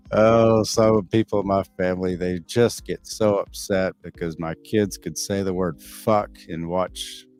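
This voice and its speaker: Taking it slowly, a livestream host answers his viewers' chat, his manner blunt, candid and profane; he's a middle-aged man with a Texan accent. The voice is low and darkish with a steady tone, backed by soft music.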